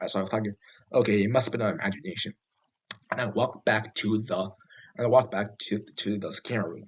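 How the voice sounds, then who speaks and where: Husky man telling a scary story. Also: fairly low pitch. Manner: halting, with frequent restarts and fillers. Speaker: horror story narrator. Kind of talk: first-person storytelling. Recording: dull lo-fi recording.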